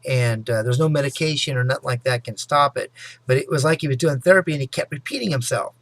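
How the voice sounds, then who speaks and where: A man vlogging a rambling personal story to his viewers, full of "you know" and "anyway," sometimes fast and loud. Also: medium pitch, no room sound. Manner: talks fast and loud at times. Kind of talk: casual personal storytelling to camera.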